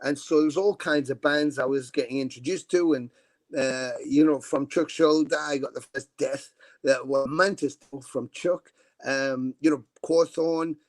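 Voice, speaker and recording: A man's voice: mid-range voice, fairly even intonation, moderate pace, dry recording. A middle-aged man as a guest musician, telling rambling anecdotes over a video call, with lots of fillers and casual swearing. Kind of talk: casual interview storytelling.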